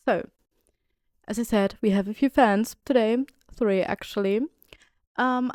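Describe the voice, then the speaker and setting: A woman hosting a fan podcast in a casual, chatty, excitable way, often apologizing. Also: medium pitch, clean tone, dry recording, studio quality. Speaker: podcast host.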